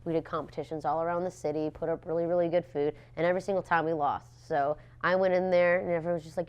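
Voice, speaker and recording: Lively young woman telling a story. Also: low voice, quick pace, hardly any pauses, clear, resonant tone, muffled recording. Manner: animated, acts out quotes, laughs often. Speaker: pastry chef guest. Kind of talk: casual interview storytelling.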